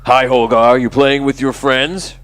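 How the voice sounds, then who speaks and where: A man's voice: medium pitch, little pitch movement, a little slow, fairly bright tone, voice pushed up, natural voice. A man voicing a taunting teenage male half-giant bully who mocks and sneers. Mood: mocking. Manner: mocking, sneering.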